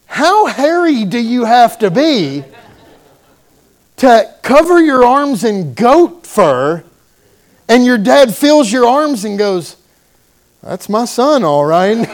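A man preaching a sermon in a church, telling the story with animated delivery and acting out the voices of its people. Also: very high-pitched. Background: congregation calling out responses.

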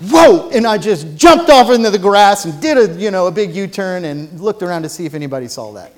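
A man preaching a sermon from a church platform, telling funny stories and then rising to loud, emphatic preaching. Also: on the high side. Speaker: pastor.

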